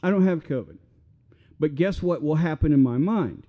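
A man's voice: fairly high pitch, animated, normal speed, highs cut off. An older man, preaching a sermon in a folksy, repetitive way full of rhetorical questions. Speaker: pastor.

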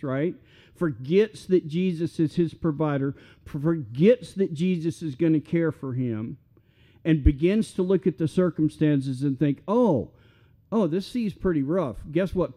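A man's voice: a little high, mellow. An older man, preaching a sermon in a folksy, repetitive way full of rhetorical questions. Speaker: pastor.

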